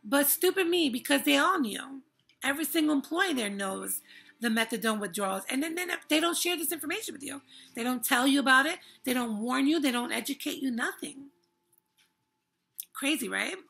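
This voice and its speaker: A woman's voice: high voice, a little fast, creaky, sharp tone, soft background music. A young woman vlogger giving an emphatic, frank and indignant personal testimony. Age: young adult.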